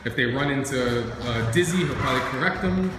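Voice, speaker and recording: A man in a mid-range voice talks fairly quickly on a live stream while training dogs, chatting casually with both viewers and dogs and often throwing in "right?" and "like." Background noise is present, and the echoey room has a long reverb.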